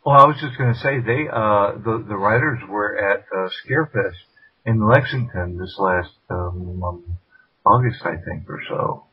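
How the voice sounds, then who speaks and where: A man's voice: on the low side, normal speed, husky, muffled recording. A man co-hosting a casual podcast, tossing in dry quips between hesitant fillers. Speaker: podcast co-host.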